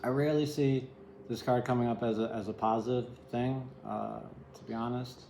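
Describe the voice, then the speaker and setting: A man's voice: mid-range voice, fairly even intonation, normal speed, gravelly, dark tone, reverberant, a little hiss or hum, poor audio. A man giving a casual, rambling tarot reading, candid and sometimes swearing. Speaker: tarot reader.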